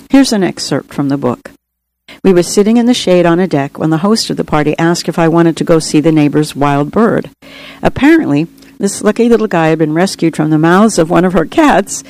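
A woman's voice: fairly low pitch, a little mellow, poor audio. Woman earnestly reading her own memoir. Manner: earnest, reflective first-person storytelling. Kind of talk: audiobook reading.

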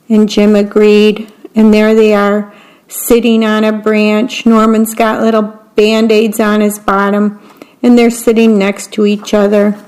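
A woman reading picture books aloud in a gentle manner, describing the pictures as she goes. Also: medium pitch, poor audio. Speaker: read-aloud storyteller.

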